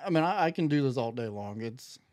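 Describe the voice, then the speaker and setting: A man of average pitch talks animatedly as a podcast guest, acting out the lines of people in his story. The sound is dry and close, with almost no room around him. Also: brisk, no echo. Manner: animated storyteller, acts out quoted dialogue. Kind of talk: casual storytelling chat.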